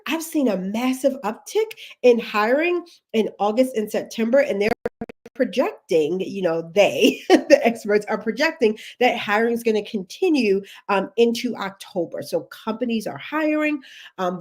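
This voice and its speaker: A woman's voice: on the high side, animated, moderate pace, a little mellow. A woman from Texas with a Texan accent, hosting a casual livestream as a career coach, chatty, laughing often and greeting viewers by name.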